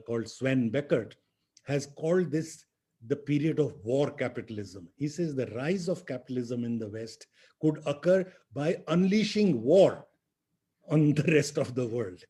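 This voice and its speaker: A man's voice: medium pitch, dark tone, husky. An older man, a history professor giving a public lecture, emphatic and sprinkling rhetorical asides and tag questions. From India.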